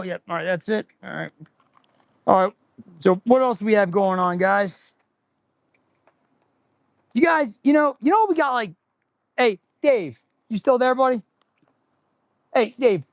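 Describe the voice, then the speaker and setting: Recorded dry, a high-pitched man hosts a casual live stream from the auto repair shop he runs. His sarcastic rants ramble along with frequent sentence restarts, and he talks with his hands busy on tools.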